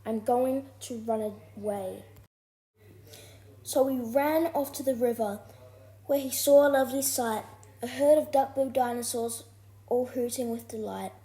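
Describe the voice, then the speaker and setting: A woman reading a rhyming children's storybook aloud in an expressive, rhythmic way. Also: high-pitched, moderate pace. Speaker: storybook reader.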